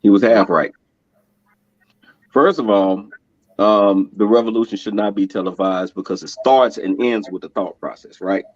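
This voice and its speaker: Male guest, mid-pitched, animated storyteller; muffled, dry recording. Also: moderate pace, no echo. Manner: animated, laughing storyteller who acts out quotes. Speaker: podcast guest. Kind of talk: casual conversation. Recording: dull, dry lo-fi sound.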